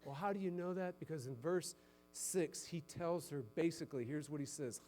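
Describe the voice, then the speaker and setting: A male pastor preaching a sermon who climbs to loud, emphatic exhortation and then drops low and soft. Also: moderate pace, soft background music.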